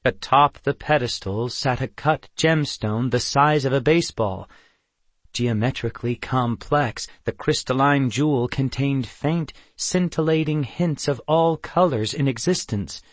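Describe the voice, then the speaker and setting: Slow, measured male audiobook narrator. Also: medium pitch, dry recording. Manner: measured, even storytelling. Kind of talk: scripted narration.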